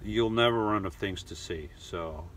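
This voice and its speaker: A middle-aged man hosting a casual live chat, rambling and halting with lots of restarts and fillers. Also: fairly low pitch, fairly bright tone, slight background noise. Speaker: live stream host reading chat. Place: lives in New York.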